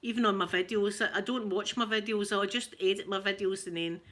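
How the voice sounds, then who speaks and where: A Scottish woman with a rough voice, chatting casually and laughing as she tells stories to viewers on a live stream. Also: medium pitch, steady tone, a little fast, a bit bright. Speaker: livestream host chatting with viewers.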